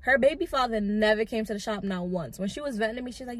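Calm young woman telling a story. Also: a little high, fast talker. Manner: calm, chatty, frequent "like". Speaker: lash artist and vlogger. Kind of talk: casual storytime.

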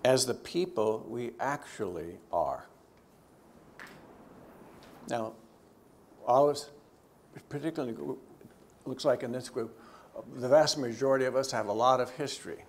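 A man of middle pitch teaches a church group in an easy, conversational manner. He pushes key words up for emphasis, then drops into quiet, low asides. A faint hiss sits under the recording. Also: a little slow, long pauses. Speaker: theologian teaching a church session. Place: church gathering.

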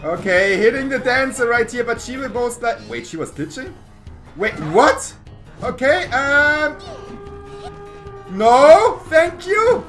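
A woman narrates her own gameplay in a casual, excitable commentary, swinging between laughter and exasperation. Her voice sits high and bright, with a crisp edge. Faint game music plays underneath. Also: slow. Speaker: gaming YouTuber.

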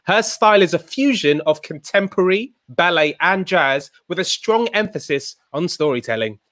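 A man's voice: high-pitched, animated, moderate pace, a bit bright. A man co-hosting a live online dance show, chatting casually, joking and reading out viewer comments.

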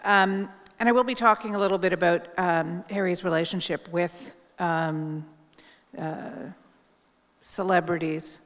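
Middle-aged woman, journalist, at the podium for a tribute speech; candid, wry, loose and conversational, fairly low voice, echoing hall. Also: fairly bright tone. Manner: candid, wry, chatty with frequent ums. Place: large hall at a public event. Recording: long hall reverb.

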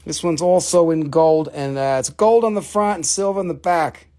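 Male live-sale host, excitable and joking, slightly higher voice. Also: moderate pace. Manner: excitable, swears, jokes, talks to viewers. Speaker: live-stream seller of minerals. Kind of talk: casual live-sale patter.

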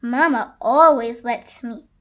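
A woman's voice: on the high side, slow pace, lo-fi sound. A woman reading a children's story and voicing a stubborn little boy donkey who pleads and wheedles. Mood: wheedling.

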